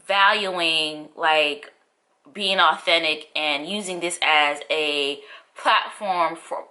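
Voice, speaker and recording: Chatty woman vlogger, bright voice. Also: lowish voice. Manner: chatty, laughing, talks to viewers as y'all. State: out of breath. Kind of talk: casual chat to camera.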